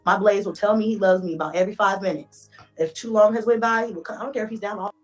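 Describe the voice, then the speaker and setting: A woman's voice: mid-range voice, quick pace, soft background music. A woman, telling stories about her kids in a casual vlog, swearing and laughing as she goes. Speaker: mother vlogger.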